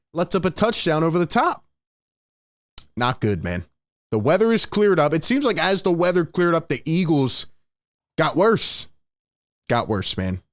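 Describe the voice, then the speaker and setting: A man's voice: fairly high pitch, no room sound, studio quality. A man hosting a live halftime reaction stream, talking emphatically and often repeating his points out of frustration. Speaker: sports show host.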